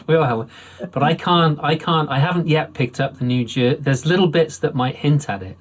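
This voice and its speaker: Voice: medium pitch, moderate pace. An interviewer asking questions in a friendly, casual chat, often laughing and cutting in with short replies. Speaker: interviewer, podcast host.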